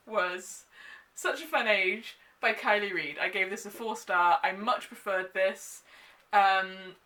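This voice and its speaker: A young woman giving a casual, exasperated book review, full of "like" and quick asides. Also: medium pitch. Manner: animated, exasperated, filler-heavy with frequent "like". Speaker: book vlogger.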